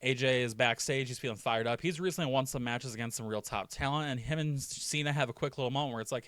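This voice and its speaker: A man's voice: mid-range voice, moderate pace, a bit bright, smooth, no echo. A man giving casual, profane, jokey commentary on a wrestling storyline, acting out short quotes along the way.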